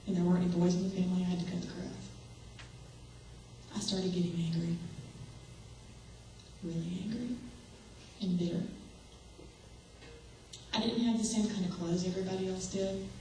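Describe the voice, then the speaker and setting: A woman's voice: on the low side, fairly even intonation, normal speed, pauses often, mellow. A young woman preaches with earnest conviction and puts questions straight to the people in front of her. Her voice comes from some distance off the mic and carries a strong echo, as in a large hall. Faint room noise sits under it. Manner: earnest, asks the audience direct questions. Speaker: speaker. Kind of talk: sermon. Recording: echoey hall, voice from far off.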